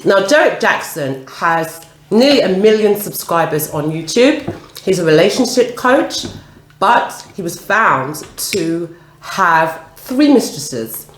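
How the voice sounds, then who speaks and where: This eating-vlog host has a lowish voice and speaks slowly but very animatedly. She keeps the casual mealtime chat going with questions, recorded in a space with roomy echo and faint noise.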